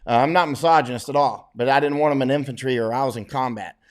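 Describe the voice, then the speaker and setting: A middle-aged man holds forth in a loose, rambling monologue to his viewers. He is blunt and a little boastful, with an average-pitched voice, and often chuckles at his own remarks. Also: quick pace. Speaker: war correspondent. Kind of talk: casual livestream monologue.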